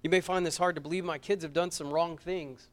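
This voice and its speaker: A pastor preaching a sermon at a church service, earnest, stumbling over repeated words and swinging from loud urgency to a hushed close. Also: male voice, fairly high pitch, fairly even intonation, fairly quick.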